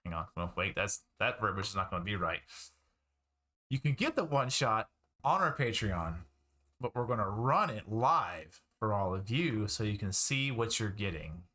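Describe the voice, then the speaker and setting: A man with a lowish voice runs a tabletop game as its game master. He talks at a normal speed, and his narration is relaxed and wry, with casual fillers.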